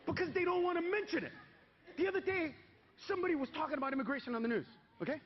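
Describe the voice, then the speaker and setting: A man performing a stand-up comedy set on stage, punchy and loud, shouting his punchlines. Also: very high-pitched, racing. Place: comedy stage before a live audience. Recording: lo-fi live recording with crowd noise.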